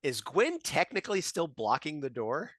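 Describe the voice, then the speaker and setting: A man's voice: a little high, big pitch swings, moderate pace, crowd noise. A man playing a tabletop game who keeps asking about the rules and how his character's moves work. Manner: questioning, laughs often. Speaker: player.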